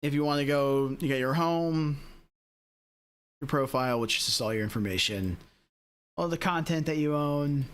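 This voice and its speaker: A fairly high-voiced man runs a live sim racing stream. He chats loosely and rambles with his audience, padding his talk with fillers. His tone stays easygoing and offhand. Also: moderate pace, long pauses, clean tone. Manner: rambling, talks straight to chat with lots of fillers. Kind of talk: casual live-stream chat.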